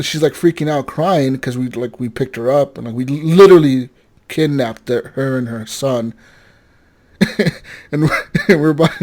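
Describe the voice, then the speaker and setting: A young man co-hosting a gaming podcast, telling a story with animated energy, swearing and acting out the characters' lines. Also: mid-range voice. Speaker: podcast co-host. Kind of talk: casual gaming chat.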